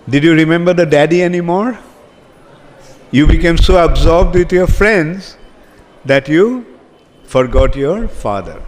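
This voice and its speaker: A man giving a sermon as a spiritual teacher, asking his audience questions as he speaks. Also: a little high. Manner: slow, asks the audience questions. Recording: long reverb from a hall, faint ambience.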